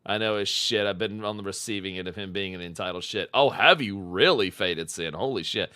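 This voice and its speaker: A man's voice: fairly low pitch, brisk, few pauses, sharp tone, no echo. A man streaming a live reaction, mocking a clip with profane, repetitive commentary. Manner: mocking, profane, repeats phrases for emphasis.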